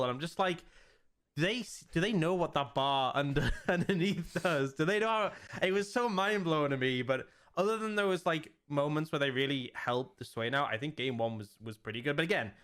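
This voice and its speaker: A man casting esports, chatting through analysis in an animated way and acting out his own reactions. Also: a little high. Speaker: esports caster.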